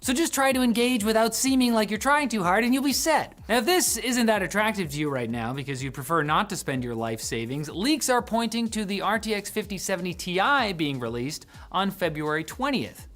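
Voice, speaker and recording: A man's voice: high voice, fairly bright tone. A man hosting a scripted tech news show, delivering the news with sarcastic jokes.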